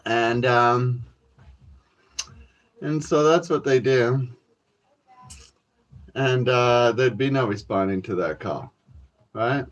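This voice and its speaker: A man's voice: mid-range voice, slow, pauses often. A man from Canada rambling casually and profanely to his viewers, calling them folks, with plenty of fillers. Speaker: vlogger. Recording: dull lo-fi sound.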